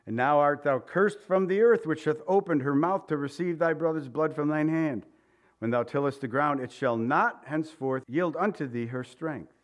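Man preaching with big swings in loudness. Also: fairly high pitch. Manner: dynamic preaching, swings from loud emphasis to soft near-whisper; conversational, direct questions to the congregation. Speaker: pastor. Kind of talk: sermon.

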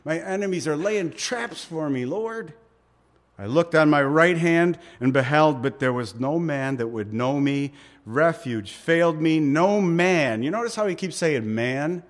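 A man preaching a sermon, animated, quoting scripture and acting out short voices with the occasional chuckle. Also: on the high side. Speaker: pastor.

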